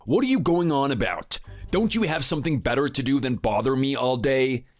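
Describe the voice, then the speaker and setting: This text-to-speech texting story has a man performing a muscle-bound braggart who taunts the guy next door in a sneering way. His mid-range voice is expressive, brisk, and natural.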